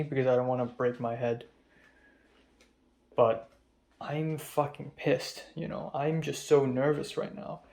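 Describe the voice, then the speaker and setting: A tired young man rambling and swearing in a soft-spoken confessional vlog about his stress. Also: mid-range voice. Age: young adult. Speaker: vlogger. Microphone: phone camera.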